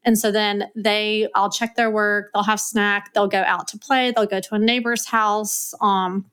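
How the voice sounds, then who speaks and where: A woman's voice: medium pitch, little pitch movement, a bit bright, clear, resonant tone. A woman in her thirties with a Southern US accent, chatting as a podcast guest and laying out her daily routine step by step. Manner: brisk, organized, listing routines step by step. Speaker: guest, executive assistant. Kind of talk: casual podcast chat.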